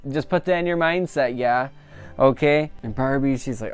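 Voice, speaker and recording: Man, casual movie reviewer, rambling, animated, smooth resonant voice, mid-range pitch. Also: normal speed, faint music behind. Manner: chatty and rambling, full of "like" and "you know"; animated, laughing at the funny parts. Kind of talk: casual spoken film review.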